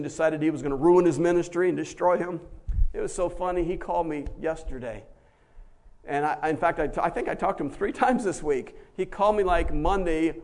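A man with a high voice preaching a lively sermon. He talks to the congregation in a conversational way and swings into excited, acted-out quotes. His delivery is animated. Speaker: pastor.

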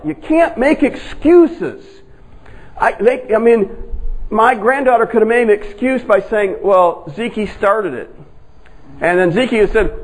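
High-voiced older man preaching. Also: rough recording. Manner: folksy, animated storytelling with sudden emphasis. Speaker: pastor. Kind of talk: sermon with personal story.

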